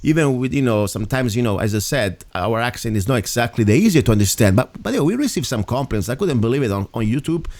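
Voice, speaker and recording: A man's voice: medium pitch, lively intonation, quick pace, hardly any pauses, a little mellow. A man with an Italian accent hosting a local talk radio show, speaking earnestly and rambling between points. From Italy. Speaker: radio host.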